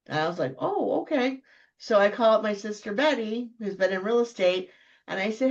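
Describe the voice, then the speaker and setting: A woman from Florida, a guest in casual storytelling chat, animated and acting out the voices of people in her stories. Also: moderate pace, highs cut off. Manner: animated, acts out quoted voices with big pitch jumps.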